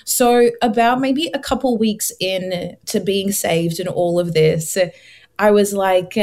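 A young woman, telling her faith story as an interview guest, earnest and animated, acting out her past thoughts. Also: mid-range voice, slow pace. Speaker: guest sharing her testimony. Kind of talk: emotional personal testimony.

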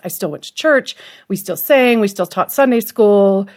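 A woman's voice: medium pitch, moderate pace. A middle-aged woman, a podcast co-host and author, talking candidly and with emotion about faith and doubt as a guest. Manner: earnest, emotional storytelling.

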